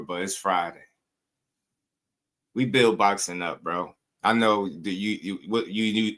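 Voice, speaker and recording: A man's voice: sits low, bright, forceful tone. A man hosting a boxing livestream, ranting at a viewer in the chat in a heated, mocking and repetitive way. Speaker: boxing streamer host.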